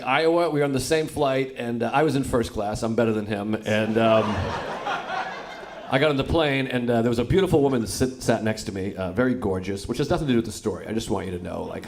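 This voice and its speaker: A man doing a stand-up comedy set, telling wry stories with laughter breaking in. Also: medium pitch. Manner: wry storytelling punctuated by audience laughter. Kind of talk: stand-up set played as a clip.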